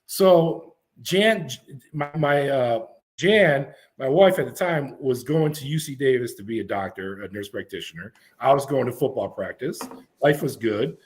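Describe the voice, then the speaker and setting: A man's voice: medium pitch, measured pace. A middle-aged man, a podcast guest, telling stories casually and acting out the other people's lines. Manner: animated storyteller acting out quoted voices. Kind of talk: casual storytelling.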